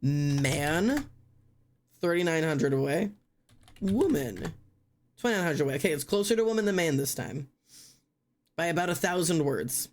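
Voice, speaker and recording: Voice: medium pitch, animated, normal speed, pauses often, a little hiss or hum. A streamer casually thinking aloud during a live word-guessing game, spelling words out letter by letter and poking fun at themself.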